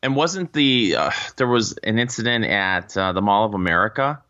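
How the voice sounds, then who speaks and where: A man's voice: on the low side, lively intonation, normal speed, pushed and bright. A man co-hosting a casual political chat podcast, mostly giving brief agreement and wry one-liners. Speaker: podcast co-host. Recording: dull lo-fi sound.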